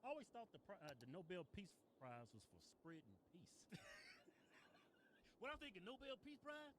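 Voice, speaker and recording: A man co-hosting a comedy show in loose, crude banter, breaking into high laughs. His pitch sits a little high and swings wildly as he talks. A faint rumble runs behind him. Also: sing-song, moderate pace. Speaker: co-host.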